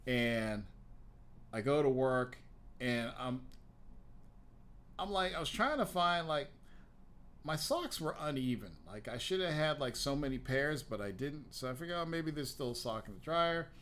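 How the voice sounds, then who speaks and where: A man's voice: fairly high pitch, a bit bright. A middle-aged man hosting a live show, rambling casually, swearing often and laughing at his own stories. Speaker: host. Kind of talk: casual livestream chat.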